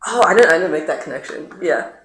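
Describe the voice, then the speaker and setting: A streamer chatting casually over gameplay, rambling with many fillers and sudden jumps in pitch. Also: expressive, quick pace. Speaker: streamer playing the game. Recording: roomy echo, faint noise.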